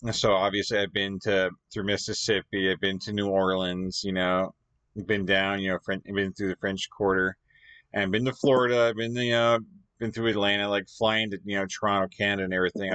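Male reaction host, low-pitched, relaxed rambling talker, dry sound. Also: no room sound. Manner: rambling, chatty, apologetic laughs. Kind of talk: casual chat.

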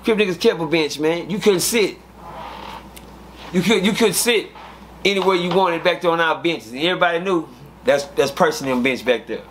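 A man from Midland, telling casual stories as an interview guest, animated and full of fillers. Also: on the high side, moderate pace, slight background noise. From Midland, Texas. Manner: animated, repetitive fillers, acts out quotes. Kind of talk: casual storytelling.

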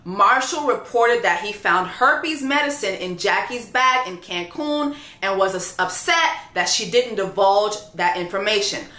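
A woman reviewing a reality dating show, ranting loudly and profanely in casual commentary. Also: medium pitch, unhurried, few pauses, roomy sound. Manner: loud, profane, animated ranting.

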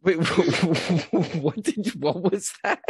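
A man's voice: on the high side, takes it slowly, slightly rough, no echo, clean studio sound. A man co-hosting a comedy podcast, teasing and incredulous in casual banter, often breaking into laughs. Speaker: podcast co-host.

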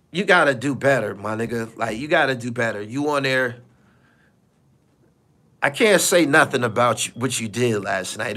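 A man's voice: mid-range voice, fairly bright tone. A man hosting a live stream, talking bluntly and profanely and repeating himself for emphasis. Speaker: podcast host. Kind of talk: casual live-stream commentary.

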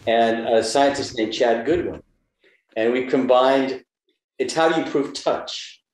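Older guy in his 70s, thoughtful storyteller, mid pitch, roomy echo on the mic. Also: measured pace, slight background noise. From United States. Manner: thoughtful, storytelling, gives advice. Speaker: interview guest, actor. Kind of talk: reflective conversational interview.

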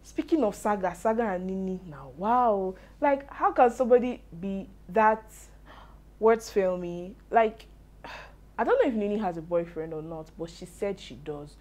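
A young Nigerian woman giving casual, animated commentary on a reality show, with Pidgin asides. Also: mid-range voice, unhurried.

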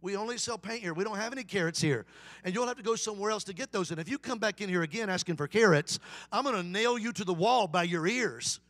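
A man's voice: a little high, quick pace, a bit bright, long reverb tail, close to an everyday voice. A man voicing a paint store owner who loses patience with a pestering customer. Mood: fed up. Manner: exasperated, threatening.

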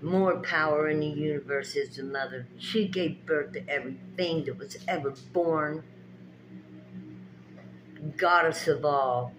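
A woman's voice: sits low, a little slow, noisy background. A woman giving a spiritual pep talk with tarot readings, speaking to her viewers in a preachy, emphatic, folksy way with lots of repetition. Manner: folksy, direct address to viewers.

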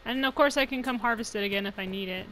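Brief: young woman gamer, higher voice, giggly and rambling, light noise behind. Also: fast, fairly bright tone, poor audio. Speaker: gaming channel host. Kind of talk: let's play commentary.

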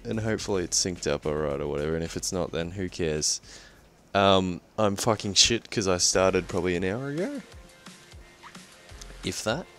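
A young Australian man commenting live on a game he is playing, excitable and swearing often. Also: low voice, moderate pace, faint music behind. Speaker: gaming commentator.

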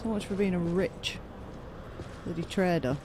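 A man's voice: high voice, moderate pace, noisy background. A man giving casual, joking commentary while playing a video game, thinking aloud. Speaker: let's play gamer. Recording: game sounds and music behind.

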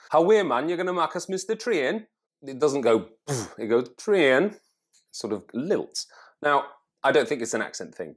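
A man talking to camera as a presenting coach, conversational and thinking aloud as he explains. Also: lowish voice. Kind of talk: teaching to camera.

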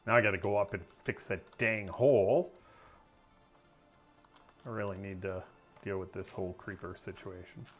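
A man streaming a game, chatting casually with his viewers as he plays and breaking into excitable outbursts. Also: sits low, moderate pace, long pauses, faint music behind. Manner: chatty, talks to viewers while playing. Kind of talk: casual gameplay commentary.

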